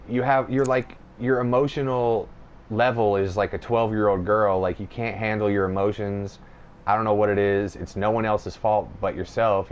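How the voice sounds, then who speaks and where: Low-voiced young man telling a story. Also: dull audio. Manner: profane, rambling, animated retelling. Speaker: podcast host. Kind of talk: casual storytelling chat.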